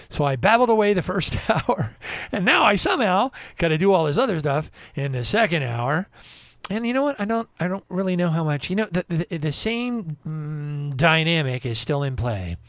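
A man hosting a radio show, ranting in an indignant monologue that swings between loud and quiet. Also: a little high, very animated, normal speed, no echo, clean studio sound.

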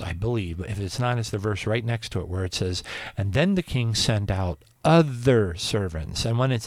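Man, Bible teacher, informal preaching, animated, stumbling restarts, bone-dry recording. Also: fairly low pitch, dry recording. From Pennsylvania, US.

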